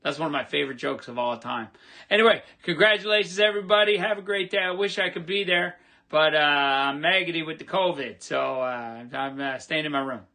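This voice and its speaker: A man's voice: fairly high pitch, a little fast, bright, forceful tone. A man recording a joking, chatty greeting from his room at home. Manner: chatty, joking, with many fillers. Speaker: well-wisher telling jokes. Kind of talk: casual video greeting.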